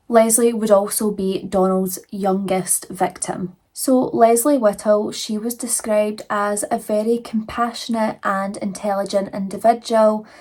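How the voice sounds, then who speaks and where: Woman host, true crime vlog, conversational, mid-pitched, talks straight to her viewers. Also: darkish tone. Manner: chatty, with asides to viewers. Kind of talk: casual true crime narration.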